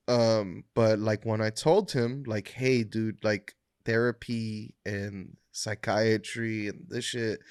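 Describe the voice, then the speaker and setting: Here a man co-hosts a podcast, swapping stories in easygoing conversation, frequently laughing and cursing without restraint. His medium-pitched voice sounds clear and resonant. The studio-quality recording has no echo.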